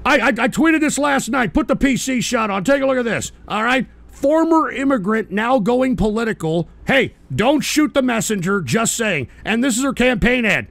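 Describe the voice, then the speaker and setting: A man's voice: extremely high pitch, animated, moderate pace, vocal fry, few pauses, fairly bright tone, dry recording. A middle-aged American man hosting a radio talk show, ranting profanely and abrasively at his chat. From United States.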